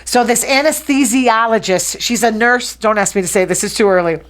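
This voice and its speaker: A woman hosting a casual gossip show, talking fast, chatty and opinionated. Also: fairly high pitch. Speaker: host.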